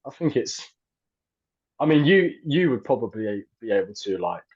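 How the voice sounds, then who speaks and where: A man's voice: mid-range voice, big pitch swings, normal speed, darkish tone, husky. A man in his thirties, a guest in a casual interview, talking hesitantly with many fillers and restarts. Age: 30s. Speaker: actor and filmmaker guest. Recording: dull lo-fi audio.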